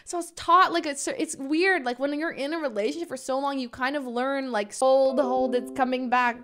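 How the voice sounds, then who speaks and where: A young woman livestreamer telling a story in a casual, animated, dramatic way into her desk mic. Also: high-pitched, moderate pace. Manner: animated, dramatic, breaks into laughs.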